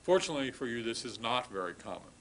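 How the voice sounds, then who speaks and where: A man giving a recorded classroom lecture on grammar, explaining patiently, sounding out word forms slowly, and apologizing wryly for irregular forms. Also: mid-range voice, very animated, a bit bright, slight background noise, rough recording. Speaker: language instructor.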